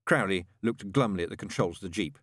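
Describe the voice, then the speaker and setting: A man narrating an audiobook in a dry, measured storytelling manner. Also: deep voice, a bit bright, no echo.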